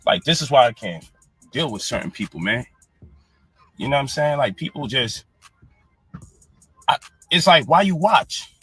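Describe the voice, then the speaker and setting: A man's voice: mid-range voice, animated, normal speed, long pauses, a bit bright, slightly rough, dry recording, soft background music. A man in a heated, profane live-stream rant, angry and exasperated. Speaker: online personality defending his program.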